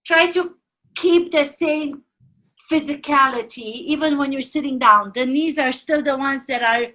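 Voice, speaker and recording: A woman with a Romanian accent hosts a podcast as an acting coach, giving energetic directions. Her voice is high and bright. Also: measured pace.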